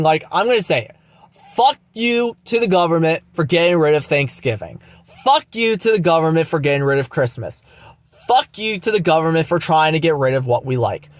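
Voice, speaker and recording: A young man hosts his own channel with a ranting monologue vlog, full of anger, mockery, profanity and repeated lines. His voice is a little high, and the recording has no room sound.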